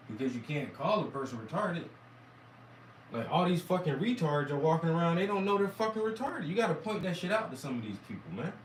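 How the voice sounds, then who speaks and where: A hoarse man giving crude, mocking reaction commentary in a rambling rant. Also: medium pitch, reverberant, far from the mic, slight background noise, low-quality recording. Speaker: commentator reacting to debate clips.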